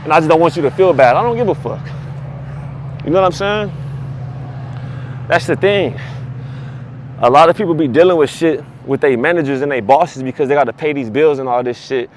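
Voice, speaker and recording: Fast-talking, profane man ranting. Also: a little high, slight background noise. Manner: profane, animated, repeats himself. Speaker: vlogger. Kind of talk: casual storytelling rant.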